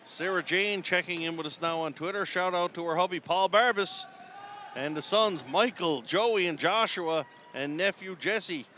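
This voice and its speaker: Bright-voiced Newfoundland man calling play-by-play. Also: high voice, moderate pace, slight background noise. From Newfoundland, Canada. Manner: chatty and folksy, chuckles between calls. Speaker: play-by-play commentator. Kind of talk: live sports play-by-play commentary. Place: commentary spot at the top of an indoor arena.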